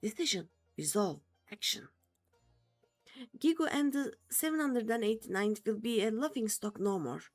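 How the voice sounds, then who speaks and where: A woman's voice: fairly high pitch, lively intonation, normal speed, faint music behind, close to an everyday voice. A woman voicing a lovesick, dramatic male kobold leader who piles up synonyms. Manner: theatrical, strings synonyms together.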